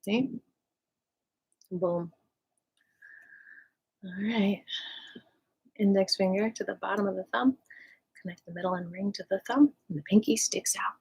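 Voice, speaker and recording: A woman leading a casual qi gong class in a playful, joking way, with soft whispered cues for breathing. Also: medium pitch, unhurried, vocal fry, long pauses, husky. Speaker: qi gong instructor.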